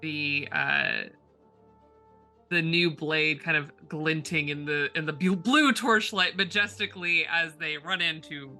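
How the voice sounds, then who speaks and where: A man playing in a tabletop game, narrating his character's moves slowly with lots of fillers. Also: fairly high pitch, bright, forceful tone, soft background music. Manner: slow, drawn-out narration with frequent fillers. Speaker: player. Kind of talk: describing actions in a tabletop game.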